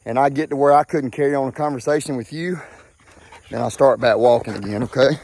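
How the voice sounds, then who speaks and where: A man's voice: medium pitch, fairly quick, darkish tone. Breathless Southern man, folksy vlog while walking outdoors, Mississippi drawl. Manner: folksy, drawling, keeps saying okay. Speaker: vlogger.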